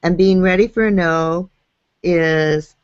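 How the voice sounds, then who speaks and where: Female show host, slow and low-pitched, encouraging; dull, dry video-call sound. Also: fairly even intonation, clear, resonant tone, no echo. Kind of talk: hosting a live video chat show.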